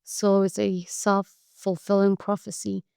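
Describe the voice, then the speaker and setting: A woman's voice: medium pitch, little pitch movement, measured pace, gravelly, darkish tone, clean tone, no room sound, studio quality. A woman hosting a podcast solo, talking bluntly and profanely, like a tough-love pep talk. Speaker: podcast host. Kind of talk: casual monologue.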